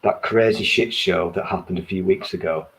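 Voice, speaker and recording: A man's voice: deep voice, normal speed, rough recording. A man co-hosting a podcast in casual chat, teasing and sarcastic. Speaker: podcast co-host.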